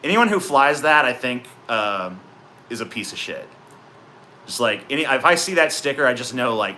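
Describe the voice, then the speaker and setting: A man's voice: medium pitch, sing-song, moderate pace, sharp tone, slight background noise. A man streaming live, chatting in a profane, sarcastic, rambling way as he answers his chat. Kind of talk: casual livestream chat.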